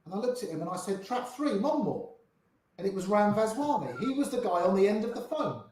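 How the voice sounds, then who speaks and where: Older man, storytelling interview guest, fairly high voice, very echoey room. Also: lively intonation, fast talker, darkish tone, slight background noise. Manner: anecdotal, acts out quoted voices. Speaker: poker player guest.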